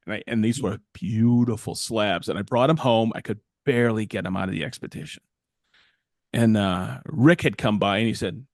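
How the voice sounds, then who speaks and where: Podcast co-host, middle-aged, rambly storyteller, dry close sound. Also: male voice, mid-range voice, normal speed, dry recording. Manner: rambling, animated, quotes people in voices. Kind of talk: casual storytelling chat.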